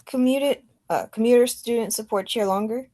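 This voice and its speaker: A young adult woman chairing a student government meeting over a video call, reading a roll call in a halting, apologetic way. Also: on the high side, dark tone, no echo.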